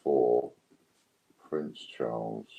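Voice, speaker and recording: Deep-voiced British man hosting a stream. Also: very slow, vocal fry, phone-quality sound. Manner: relaxed, counting down bids. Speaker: live stream host running coin auctions. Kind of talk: casual live stream chat.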